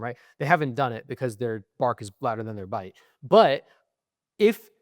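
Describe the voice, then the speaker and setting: Young man, co-host, rambling explainer, dry close-mic sound, mid-pitch. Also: dry recording. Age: young adult. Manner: rambling, frequent "right?" and "um" fillers. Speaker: podcast co-host. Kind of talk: casual chat.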